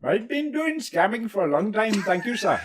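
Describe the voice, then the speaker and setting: A man's voice: high voice, sing-song, normal speed, a little hiss or hum, pitched above the performer's own voice. A man putting on an overly polite male phone scammer with a mock Indian call-center accent, deferential and repeating "sir". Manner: deferential, keeps saying sir.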